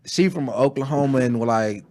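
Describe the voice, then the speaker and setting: A young man with a thick Southern Texas drawl, talking slow in an easy conversational way. He tells stories like he is chatting with friends, laughter never far off, his pitch sitting in the middle range. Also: animated, darkish tone. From Dallas, Texas. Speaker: rapper, interview guest. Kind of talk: casual conversational interview.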